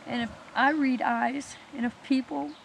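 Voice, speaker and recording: A middle-aged woman telling her own story in an emotional, halting way, with restarts and soft laughs. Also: sits high, steady tone, creaky, slight background noise. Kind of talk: personal storytelling.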